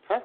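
A man co-hosting a comedy show with laid-back, dry short replies, on a tinny phone-like recording. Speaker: radio comedy co-host. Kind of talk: casual comedy banter.

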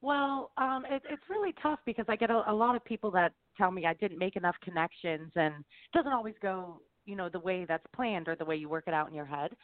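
A woman's voice: lowish voice, fairly quick, hardly any pauses, dry recording. A woman guest on a podcast, answering questions in an earnest, open way with hesitant fillers. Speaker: podcast guest, reality show contestant. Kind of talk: casual interview answers. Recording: dry phone-like line.

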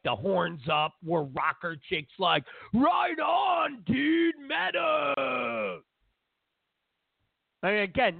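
A man's voice: fairly high pitch, creaky, no room sound. A man hosting a talk show, delivering a sarcastic, digressive, opinionated rant. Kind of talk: opinionated monologue. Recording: dry, phone-like narrow sound.

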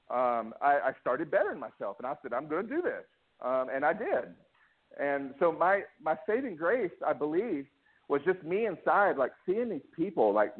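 A man speaks over a tinny, phone-like line, his voice sitting a little high for a man. His pitch swings widely as he tells a candid personal story. He stops and restarts often, and he acts out the lines of the people in it. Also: husky. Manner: emotional, restless, many restarts and acted-out quotes. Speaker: interview guest.

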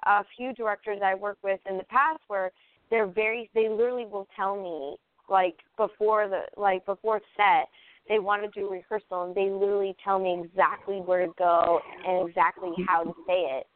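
A woman's voice: mid-range voice, fairly even intonation, normal speed, no echo. Woman podcast host, says yeah a lot, tinny dry phone sound. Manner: agreeable, many "yeah" and "um" fillers. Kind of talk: casual podcast chat.

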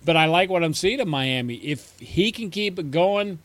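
A man's voice: a little high, expressive, normal speed, fairly bright tone, no echo. A man co-hosting a fantasy football show, trading casual, joking banter. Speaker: fantasy sports show co-host. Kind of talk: casual sports talk.

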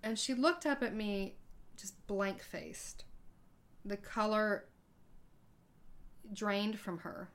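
Woman podcast host, storytelling, conversational, mid-pitched voice, stumbles through quoted dialogue. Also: takes it slowly, long pauses, fairly bright tone. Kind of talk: personal storytelling.

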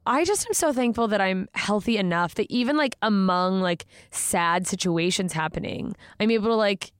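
Animated woman comic, dry studio sound. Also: mid-range voice, moderate pace, smooth, no echo. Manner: animated, tells stories with acted-out quotes. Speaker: comedian guest. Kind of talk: casual interview chat.

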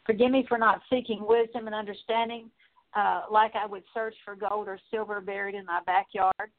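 A woman leading a spoken prayer of repentance, earnest and steady, working through a long list with frequent small fillers. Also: mid-range voice, normal speed. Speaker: prayer minister. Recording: tinny phone-like line.

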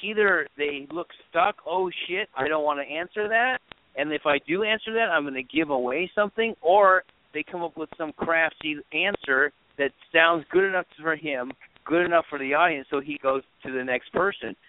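A man calling in as a guest, telling stories in a lively way with quick restarts. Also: on the high side. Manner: animated storyteller, quick restarts. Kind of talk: casual call-in show talk. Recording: tinny phone line with faint hiss.

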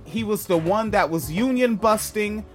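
A male podcast host in his thirties, chatting casually in a rambling, joking way with frequent swearing. His voice sits a little high, and faint music plays behind him. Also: moderate pace. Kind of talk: casual chat.

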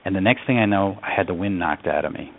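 A man's voice: low-pitched, fast talker, slight background noise. A man from upstate New York, a radio interview guest, telling a story in an earnest, reflective way. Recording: phone-line audio.

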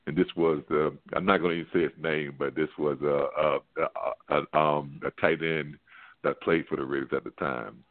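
A low-voiced man tells a loose, winding story, tripping over restarts and leaning on "like" as he goes. He comes through a thin, tinny phone line. He sounds like a former player swapping stories as a sports-show guest. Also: normal speed. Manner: rambling, animated anecdote full of "like" and restarts.

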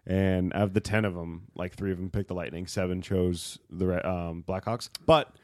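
A man co-hosting a podcast in casual chat, relaxed and chatty. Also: sits low, moderate pace, dry recording, clean studio sound. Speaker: podcast co-host.

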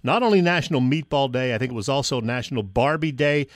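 A man co-hosting a casual sports radio chat, relaxed and jokey as he tells stories. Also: medium pitch, quick pace, dry recording, clean studio sound. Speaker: co-host.

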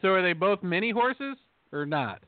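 A man's voice: sits high, animated, moderate pace, no echo. A man co-hosting a podcast, trading wry, sarcastic, profane stories. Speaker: podcast co-host. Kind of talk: casual chat. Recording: tinny dry phone-like audio.

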